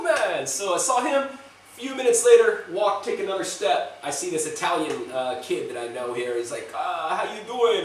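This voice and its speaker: A man's voice: medium pitch, recorded from a distance, a little hiss or hum. A man vlogging in a rambling, chatty way, swearing now and then, giving a tour of a small apartment. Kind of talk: casual vlog chat and apartment tour. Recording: echoey room, voice off-mic, faint ambience.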